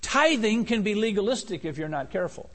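A man's voice: sits high, animated, brisk, fairly bright tone. A man preaching a sermon as pastor. He is emphatic, repeats key phrases and asks rhetorical questions. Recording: long hall reverb.

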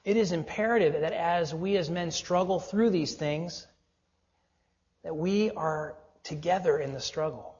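A male pastor preaching a sermon, earnest and exhorting, often dropping to a low, quiet voice for emphasis. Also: a little slow, big-room sound, muffled recording.

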